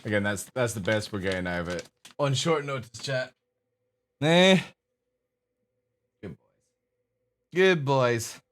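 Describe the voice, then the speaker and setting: A man streaming live, chatting casually to his viewers and coaxing his dogs with a high sing-song voice. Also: moderate pace, fairly bright tone.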